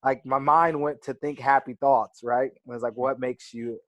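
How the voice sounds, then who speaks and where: A young wrestler tells stories during a casual interview, reflective and peppered with fillers like "like" and "right." His voice is medium-pitched and fairly bright, with fairly even intonation, a normal pace, and no echo.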